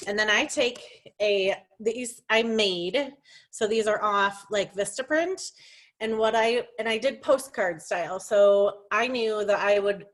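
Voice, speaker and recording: A young woman giving a casual, chatty training for her sales team over a video call, full of fillers, restarts and jokes at her own expense. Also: mid-range voice. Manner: chatty, self-deprecating, many fillers and restarts.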